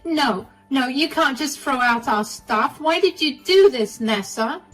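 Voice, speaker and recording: A woman voicing an entitled younger sister who is shouting indignantly. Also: high-pitched, animated, a little slow, distant mic, soft background music, pitched above the performer's own voice, low-quality recording. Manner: indignant, accusing.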